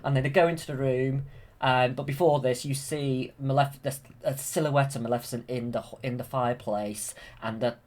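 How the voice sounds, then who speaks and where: A man's voice: mid-range voice, fairly even intonation, normal speed, darkish tone. A man casually retelling a film from memory, hesitant, with many fillers and restarts. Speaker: channel host.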